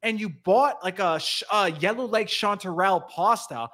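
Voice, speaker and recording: Bright, high-voiced enthusiastic man. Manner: enthusiastic, rapid tumbling phrases. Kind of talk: casual conversation.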